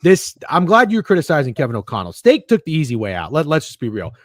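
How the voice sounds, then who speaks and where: A man's voice: fairly high pitch, wildly swooping pitch, fast talker, no echo, clean studio sound. Man leading a sports podcast panel. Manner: leads the discussion, cites stats. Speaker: podcast host. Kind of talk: casual sports chat.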